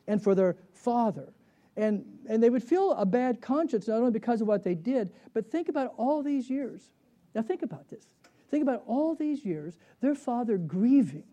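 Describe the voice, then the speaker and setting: A man delivering a sermon in a high yet deeply mellow, dark voice. He teaches in an animated, storytelling way, tossing rhetorical questions to his listeners and chuckling now and then. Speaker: Bible teacher.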